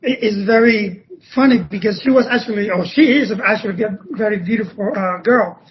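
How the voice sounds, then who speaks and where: A Spanish-speaking man from Cuba with a Cuban Spanish accent, a podcast guest telling stories in a halting way that often restarts phrases. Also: high-pitched, slight background noise. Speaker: podcast guest, former ballet dancer. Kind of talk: conversational interview storytelling. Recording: dull lo-fi podcast audio.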